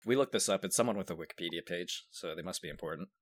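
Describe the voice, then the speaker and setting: A man with a very low voice, easygoing in casual podcast banter and quick to curse. The sound is close and dry. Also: no room sound. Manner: laid-back, swears freely, bursts into loud outbursts. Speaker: podcast co-host.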